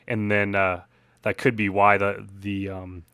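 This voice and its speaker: A man giving a relaxed, rambling director's commentary on his film, full of fillers like "like" and "uh". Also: on the low side, unhurried, clean tone, dry recording, clean studio sound.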